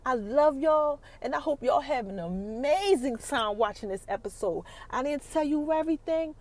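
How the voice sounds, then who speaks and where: High-voiced woman animatedly recapping a TV episode. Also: normal speed. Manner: animated storytelling, acts out characters' lines. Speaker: podcast host.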